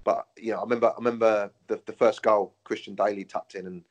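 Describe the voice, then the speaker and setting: A man's voice: fairly low pitch, steady tone, fast, lo-fi sound. A man, a former footballer, chatting casually and telling stories with frequent laughs and swearing. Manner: swears freely, laughs often, tells stories. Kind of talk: casual chat.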